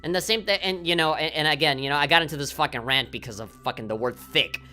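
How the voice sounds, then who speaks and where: A woman's voice: low-pitched, fast, bright, forceful tone, faint music behind. A woman game streamer ranting on a livestream, swearing often and heated, with lots of fillers.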